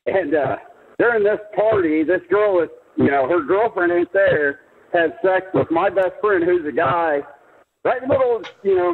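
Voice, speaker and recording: A man's voice: on the high side, slightly rough. A man calling in to a podcast, telling a story in laid-back, chuckling banter. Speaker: caller. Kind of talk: call-in storytelling. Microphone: telephone. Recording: tinny phone line.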